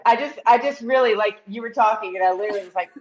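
A woman's voice: medium pitch, fast talker, echoey room, muffled recording, crowd noise. A woman chatting casually in a giggly, teasing way. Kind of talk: casual chat.

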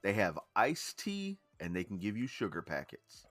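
Laid-back man, low voice. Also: huge pitch swings, moderate pace, a bit bright, soft background music. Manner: laid-back storytelling, drawling repeats. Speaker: podcast co-host. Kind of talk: casual chat.

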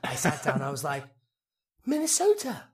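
Welsh male actor, guest on a casual podcast, slightly breathy voice, restless and chatty. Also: mid-range voice, a little fast. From Wales. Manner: animated, rambling, laughs often, tries out accents.

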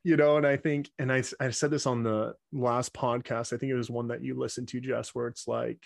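A man's voice: medium pitch, level tone, a little fast, vocal fry, no room sound. Reflective man, dry close sound. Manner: reflective, spiritual, swears casually. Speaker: podcast guest, reverend. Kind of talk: casual conversational podcast.

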